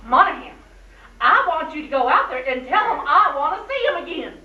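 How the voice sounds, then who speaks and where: An actress playing a brisk, no-nonsense woman keeping house in an old film. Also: high voice, wildly swooping pitch, full character voice. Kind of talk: 1940s film acting. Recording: echoey, distant, dull old film soundtrack.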